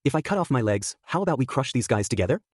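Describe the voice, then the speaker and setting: A man's voice: mid-range voice, sing-song, quick pace, dry recording. Man reading cool blunt young swordsman, dry close sound.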